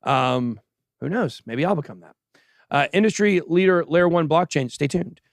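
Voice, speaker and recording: Animated sarcastic male crypto show host. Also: fairly high pitch, moderate pace, no echo. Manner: animated and sarcastic, chatting with a co-host and live chat. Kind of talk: casual livestream market commentary. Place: show studio stage.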